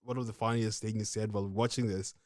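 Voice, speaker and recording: A woman co-hosting a podcast in casual chat, laid-back and unhurried. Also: extremely low pitch, steady tone, darkish tone, no echo, clean studio sound. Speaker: podcast co-host.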